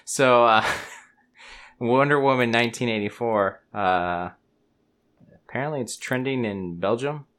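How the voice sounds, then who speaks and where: A man's voice: mid-range voice, measured pace, long pauses, a bit bright. A man hosting a podcast in casual chat, laid-back with teasing banter. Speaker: podcast host.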